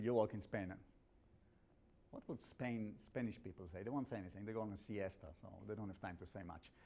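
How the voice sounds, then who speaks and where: A male instructor with an accent lectures a class in a blunt, animated way, cracking jokes and often cutting off and restarting his sentences. His voice sits at an ordinary middle pitch. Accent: non-native English.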